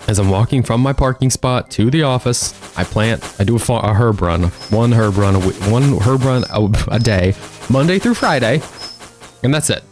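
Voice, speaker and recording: A man casually commenting on his own gameplay as a streamer, wry and chatty, talking to himself and his viewers. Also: medium pitch. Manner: wry, talks to himself and chat, laughs often.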